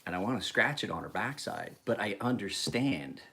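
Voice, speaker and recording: Man, forties, lowish voice; profane, laughing vlog storyteller. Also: expressive, moderate pace, gravelly, bright, forceful tone. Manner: profane, chuckling, rambling storyteller. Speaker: knife sharpener vlogger. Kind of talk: casual rambling monologue.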